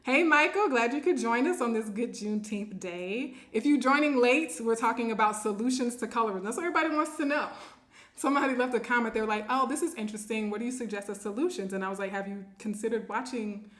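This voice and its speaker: A woman's voice: a little high, fast talker, a bit bright, echoey room. A woman hosting a casual live stream, reading viewer comments aloud and laughing often. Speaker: livestream host.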